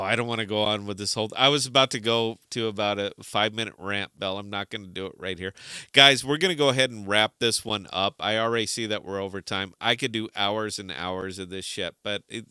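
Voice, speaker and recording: A man co-hosting a casual livestream chat, joking and animated, sometimes sliding into rants. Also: fairly low pitch, clear, resonant tone, dry recording, studio quality. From Des Moines, Iowa. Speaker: podcast co-host.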